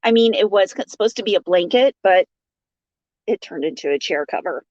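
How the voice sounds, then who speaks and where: A woman's voice: medium pitch, expressive, a little fast, darkish tone, no echo. A woman hosting a casual crochet livestream, chatting and laughing as she greets viewers by name and reads their comments. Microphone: phone. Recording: dull lo-fi sound.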